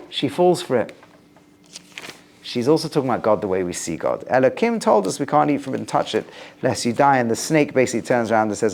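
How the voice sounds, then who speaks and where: Animated rabbi lecturing a class. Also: male voice, quick pace. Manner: animated, rising emphatic stresses, drops low on quotes. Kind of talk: lively Torah lecture with Hebrew quotes.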